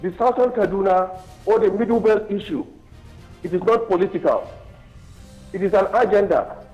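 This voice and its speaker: A man's voice: high voice, normal speed, a little mellow. A Nigerian man speaking as a guest on a news talk show, emphatic and insistent. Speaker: guest on phone line. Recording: muffled phone line with music.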